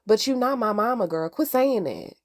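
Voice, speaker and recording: A woman putting on the voice of a cold, menacing young man turned monster, speaking low and half-whispered. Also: sing-song, normal speed.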